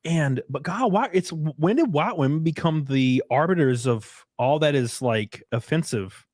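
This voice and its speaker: A man hosting a casual livestream podcast, rambling and excitable, with sudden high-pitched outbursts. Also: measured pace, no room sound, studio quality. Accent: Southern US. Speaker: podcast host.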